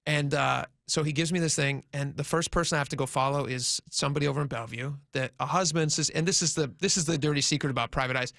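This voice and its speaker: This forties-aged radio host talks fast in a slightly high, fairly bright voice with vocal fry, barely pausing. Telling a long, casual anecdote in his studio, he rambles with lots of fillers; the sound is studio quality with no echo.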